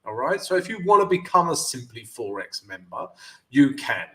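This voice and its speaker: Very animated and mid-range, with a fairly bright tone at a normal speed, this man hosts a laid-back forex trading stream. He keeps things cheerful and chatty, addressing his audience as "guys," while numbness from a dental visit makes his words a bit thick.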